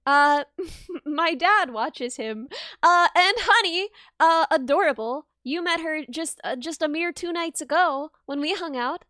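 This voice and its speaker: Very high, bright-voiced giggly woman. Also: unhurried, no room sound, clean studio sound. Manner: giggly, bubbly, self-deprecating. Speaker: streamer. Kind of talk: casual livestream chat.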